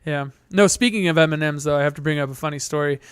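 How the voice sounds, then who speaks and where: A man's voice: a little high, quick pace, smooth, dry recording. Young male co-host, casual storyteller, dry close sound. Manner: laughing storyteller, breaks into goofy put-on voices. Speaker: podcast co-host. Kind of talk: casual chat.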